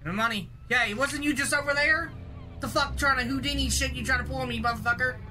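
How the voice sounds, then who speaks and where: A gaming streamer with a high, bright, pushed voice talks fast, delivering rowdy, profane trash talk as live commentary on her gameplay. Game music and vehicle sounds play underneath her voice.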